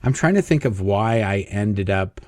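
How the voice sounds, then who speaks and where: Telling a long personal story as an interview guest, a middle-aged man wanders through anecdotes and voices the dialogue of the people involved. He sounds animated, lowish, and slightly dark, at a moderate pace. The audio is clean studio sound without echo.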